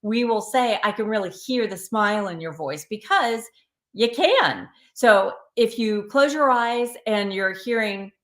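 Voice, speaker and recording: A woman's voice: mid-range voice, measured pace, fairly bright tone, echoey room. A woman hosting a live card reading, chatting and encouraging viewers by name. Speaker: tarot reader and live stream host.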